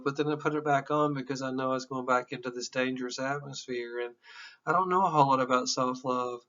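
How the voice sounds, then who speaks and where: A man's voice: mid-range voice, steady tone, a little fast, sharp tone, highs cut off. A man in his fifties teaching psychology in an informal, candid and emotional classroom lecture, with some profanity. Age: 50s.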